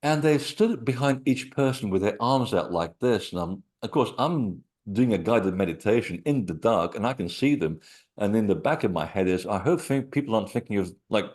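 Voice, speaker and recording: A man, an author being interviewed, telling lively personal anecdotes full of asides and quoted thoughts. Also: lowish voice, moderate pace. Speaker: author and researcher of sacred sites. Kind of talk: conversational interview storytelling.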